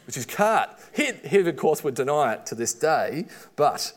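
A middle-aged man with an Australian accent preaching a sermon, with lively storytelling and quoted asides. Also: medium pitch, a little fast, a little hiss or hum.

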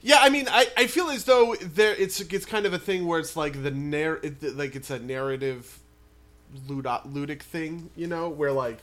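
A man game master talking over a tabletop campaign in casual chat, halting and searching for words. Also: on the high side, a bit bright.

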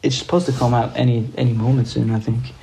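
A young man from Norway, a guest skateboarder, telling a story in a casual, excited way, swearing freely and using lots of fillers. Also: mid-range voice, quick pace, vocal fry, slight background noise.

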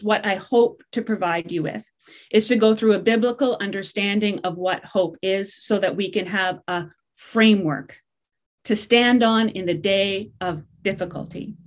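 A middle-aged woman preaches in a loose, conversational way. She jokes and slips in fillers and asides as she goes, the way a pastor sounds when talking to her own people. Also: mid-range voice. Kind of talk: sermon.

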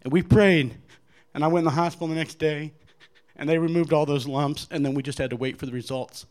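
A man giving an earnest personal faith testimony to an audience, animated as he acts out other people's lines, with frequent restarts. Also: fairly high pitch, brisk. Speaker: guest speaker giving testimony.

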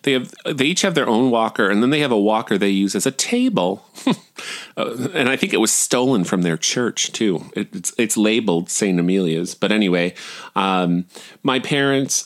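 Animated rambling man, lively low voice. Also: moderate pace. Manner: rambling, animated, self-deprecating. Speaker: podcast host. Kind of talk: casual storytelling monologue.

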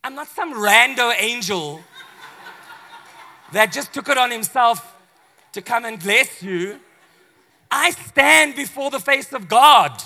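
A man in the pulpit plays an impatient archangel with a high, ringing voice. He scolds in blunt slang, fed up with a doubter. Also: expressive, slow pace, vocal fry, long pauses, sharp tone, long reverb tail, exaggerated voice. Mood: indignant. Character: brash impatient male archangel messenger.

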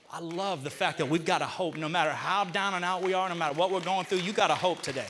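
A male pastor with a fairly high voice preaches in church at a very fast clip, barely pausing. He animatedly coaxes the congregation to repeat scripture back to him in a call-and-response sermon.

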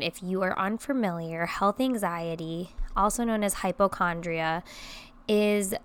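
A woman's voice: lowish voice, a little slow, clean tone. A woman in her twenties hosting a solo podcast, talking casually and chattily with frequent ums, her voice a little congested. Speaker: podcast host.

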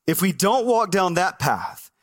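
High-pitched guy pastor preaching, animated, keeps asking the crowd stuff, church mic. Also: unhurried. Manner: animated, asks the congregation questions, acts out listeners' voices. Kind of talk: sermon.

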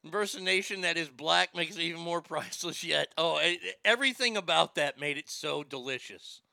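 A man's voice: a little high, a little fast, gravelly, bright, forceful tone, no room sound, clean studio sound. A man hosting a comedic talk show, laughing often and stammering as he jokes crudely. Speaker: radio show host.

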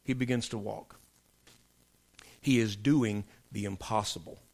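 A man preaching a sermon, telling joke stories in a folksy way, then building into loud emphatic preaching. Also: fairly low pitch, steady tone, unhurried, vocal fry. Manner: folksy storyteller, swings from soft asides to loud emphatic preaching.

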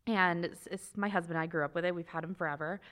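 A woman in her thirties, a mother of two, tells a heartfelt personal story on a talk show in a quick, earnest way with halting restarts. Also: on the low side, fairly even intonation, a bit bright.

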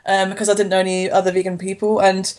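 A woman chatting as a podcast guest. She talks in an easygoing way, pausing on fillers and laughing softly. Her voice sits at a middle pitch. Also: level tone. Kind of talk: casual podcast chat.

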